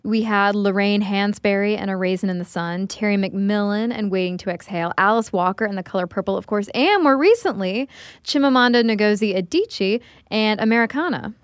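A woman's voice: medium pitch, fairly quick, smooth, no room sound. Woman co-host who explains things conversationally, with a mid-range voice and a dry close mic. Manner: explanatory, tells facts in a storytelling way. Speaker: podcast co-host. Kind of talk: casual conversational podcast.

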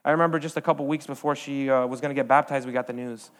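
A young man, a guest speaker, giving an earnest sermon with a personal testimony, halting often with fillers and restarts. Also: mid-range voice, steady tone.

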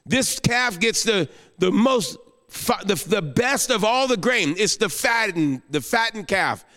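Male guest pastor, emotional sermon delivery, slightly high voice, church hall echo. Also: lively intonation, unhurried. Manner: emotional, rising to exclamations then dropping soft into prayer.

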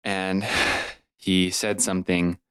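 Man, twenties, from California, animated storyteller, deep-ish voice, dry recording. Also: slow, smooth, no room sound. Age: 20s. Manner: animated storyteller, acts out other people's lines. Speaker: podcast guest. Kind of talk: personal storytelling in conversation.

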